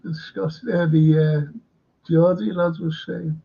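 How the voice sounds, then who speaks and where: A man's voice: fairly high pitch, fairly even intonation, takes it slowly, creaky, breathy edge, muffled recording. A man hosting a live fan stream, chatting casually in a rambling way and reading viewer comments aloud. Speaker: fan channel host.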